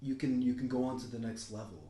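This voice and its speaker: This podcast co-host rambles loosely, swears a lot, and leaps abruptly from one idea to the next in casual chat. His medium-pitched voice is warm and fast. The room echoes, and there's a slight hiss or hum.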